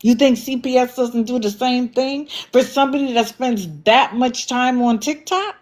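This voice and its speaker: Woman, livestream host, blunt, scolding, fairly high voice. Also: moderate pace, a little mellow. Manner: blunt, scolding, sarcastic rhetorical questions. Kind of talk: commentary livestream.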